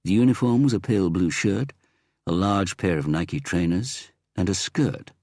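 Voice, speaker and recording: A man narrating a crime novel in a measured, expressive reading. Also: deep voice, no room sound, clean studio sound. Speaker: audiobook narrator. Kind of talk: scripted narration.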